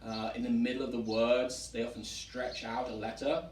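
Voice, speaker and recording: A man from England hosting a relaxed chat, explaining at length with frequent ums. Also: mid-range voice, normal speed. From England (Wiltshire). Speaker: museum director and host. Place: historic tavern room, indoors. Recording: roomy, distant mic, faint background noise.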